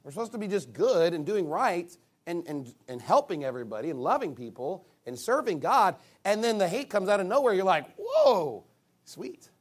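High, lively preaching man. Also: a little fast, few pauses. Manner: animated, emphatic preaching with sarcastic asides. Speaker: pastor. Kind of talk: sermon.

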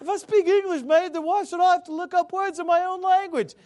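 A man's voice: very high-pitched, fairly even intonation, brisk, darkish tone, voice pushed up. A man putting on a sneering, poorly done Australian accent to mock another man. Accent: Australian, put on badly. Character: mocking impression of an Australian man.

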